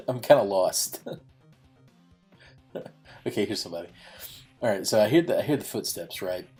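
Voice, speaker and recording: Casting note: low-pitched young male gaming host, casual rambling storyteller, laughs a lot, faint game music behind. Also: expressive, moderate pace, mellow. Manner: rambling, laughs often, many fillers. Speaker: gaming YouTuber. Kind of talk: casual storytelling while playing.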